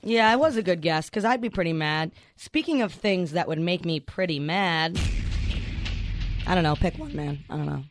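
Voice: mid-range voice, moderate pace, slight background noise. A podcast co-host chatting casually and making dry, understated quips. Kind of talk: casual chat.

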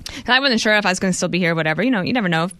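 Brief: woman, 40s, bright chatty co-host, dry close sound, lively storyteller. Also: on the low side, racing, dry recording. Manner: chatty, animated storytelling with filler "like". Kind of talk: casual chat.

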